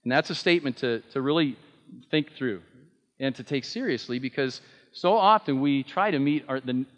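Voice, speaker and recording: A man's voice: medium pitch, animated, moderate pace, a bit bright, big-room sound. A man preaching a sermon, earnest and emphatic, with frequent fillers and restarts. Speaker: pastor.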